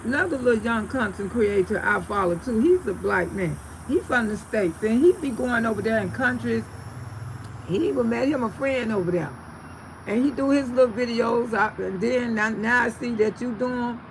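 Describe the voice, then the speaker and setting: Reading viewer comments on her casual livestream from under a tree outdoors, a woman with a voice on the high side talks at normal speed. She's animated, laughs often, and uses warm names like "sugar" and "baby"; the recording is rough with slight background noise.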